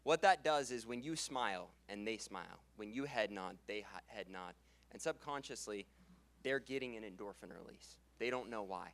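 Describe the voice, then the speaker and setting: Upbeat man training salespeople on stage. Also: moderate pace. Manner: energetic, laughs easily, ends sentences on a falling pitch. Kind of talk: live seminar talk. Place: conference room with live audience. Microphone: handheld stage mic.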